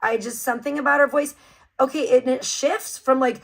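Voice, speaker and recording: A woman's voice: high voice, fairly even intonation, moderate pace, gravelly, rough recording. A woman hosting a livestream, giving blunt, profane, mocking commentary in a casual ranting style.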